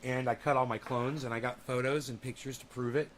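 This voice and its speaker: A man's voice: mid-range voice, steady tone, fairly quick, a little hiss or hum. A man chatting casually on a livestream, sarcastic and joking. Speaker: streamer.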